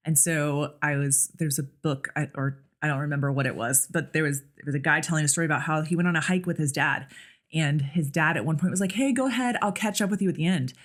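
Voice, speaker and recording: A woman speaks as a podcast guest in a relaxed, candid way. Her voice sits slightly low for a woman. She talks with plenty of fillers. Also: a little fast. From United States. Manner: chatty and candid, with lots of fillers. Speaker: podcast guest, nurse practitioner and clinic owner. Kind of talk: casual interview chat.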